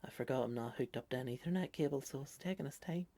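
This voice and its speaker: A man's voice: mid-range voice, quick pace, noisy background. A man, rambling on his own solo comedy podcast, sweary and self-mocking. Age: 30s.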